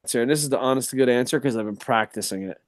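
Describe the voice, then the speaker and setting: A young adult man hosting a casual chat show, ranting in an animated, profane way. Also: mid-range voice, rapid-fire, dry recording, clean studio sound. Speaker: podcast host.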